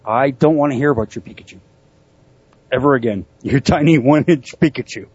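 A man's voice: medium pitch, fairly quick, darkish tone. A man hosting a talk radio show, bantering casually and laughing often. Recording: dull, husky lo-fi audio.

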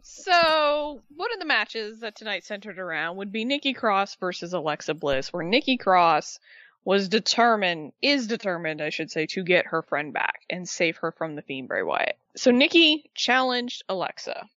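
A woman co-hosting a casual wrestling recap, telling the events with animated sarcasm. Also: mid-range voice, normal speed, no room sound, lo-fi sound. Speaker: co-host.

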